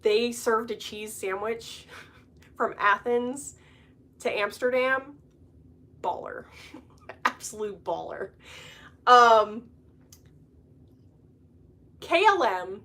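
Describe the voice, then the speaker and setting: A young adult woman hosting a podcast, chatting casually and telling stories in an animated way, laughing often. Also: a little high. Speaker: podcast host. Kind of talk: casual chat.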